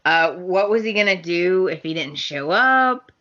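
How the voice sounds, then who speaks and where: A woman co-hosts a podcast in casual chat, recapping soap opera episodes as an animated storyteller who acts out the characters' lines with laughs. Her voice is lowish and measured in pace, and the recording sounds muffled.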